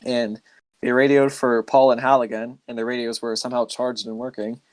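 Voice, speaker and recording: A man's voice: mid-range voice, flat delivery, brisk, a little mellow, dry recording. Casual rambling man telling a story. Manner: rambling, many "like" fillers. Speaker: podcast host telling a story.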